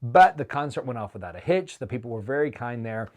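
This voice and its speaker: A man telling a travel story in a casual vlog, in an animated, excitable way. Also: mid-range voice, fast talker. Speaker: touring singer recounting a trip.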